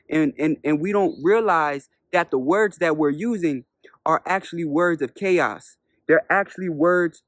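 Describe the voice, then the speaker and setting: Slow, measured spiritual teacher, man. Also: high-pitched, fairly bright tone, no echo, clean studio sound. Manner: unhurried, repeats points, asks rhetorical questions. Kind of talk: storytelling lesson.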